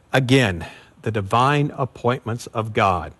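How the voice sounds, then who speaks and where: A man's voice: medium pitch, normal speed. Man preaching a conversational sermon. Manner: conversational teaching with fillers and emphatic repetition. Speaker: pastor. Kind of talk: expository sermon.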